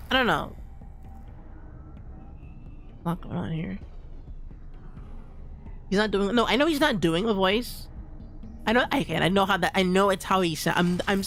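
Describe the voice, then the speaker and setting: Gravelly, rambling game streamer. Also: mid-range voice, a bit bright. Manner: rambling, full of restarts and repeats; calls people "dude". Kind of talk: casual gameplay commentary.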